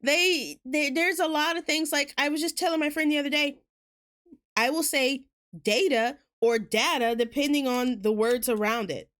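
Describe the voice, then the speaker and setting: A woman's voice: sits high, moderate pace, a bit bright. A woman streamer chatting casually while gaming, rambling through tangents and laughing often. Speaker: game streamer.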